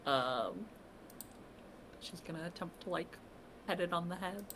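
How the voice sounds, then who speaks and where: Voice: medium pitch, measured pace, background noise. A tabletop roleplaying game player hesitantly describing their character's action. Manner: casual, hesitant with fillers.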